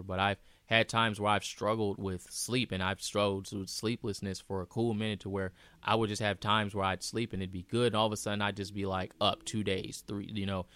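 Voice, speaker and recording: A man's voice: on the low side, a bit bright, smooth, no echo. A man speaking as host in a reflective personal monologue, earnest and repeating phrases for emphasis.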